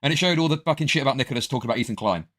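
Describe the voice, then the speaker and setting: A man's voice: mid-range voice, rapid-fire, fairly bright tone. A man doing casual stream commentary, rambling and hedging, peppered with "bro" and "dude".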